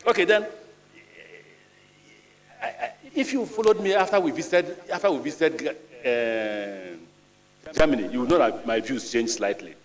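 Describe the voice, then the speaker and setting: A man's voice: mid-range voice, animated, measured pace, pauses often. A middle-aged Nigerian man, a ministerial nominee, answering senators' questions at a screening in an earnest, plain-spoken way, telling anecdotes as he goes. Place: large legislative chamber. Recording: reverberant hall.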